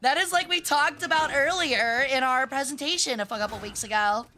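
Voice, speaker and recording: A woman's voice: sits high, normal speed, sharp tone, slight background noise. A woman streaming a video game, chatting casually with her viewers and arguing with them in a playful, bratty, mock-outraged way. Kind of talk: casual gaming livestream chat.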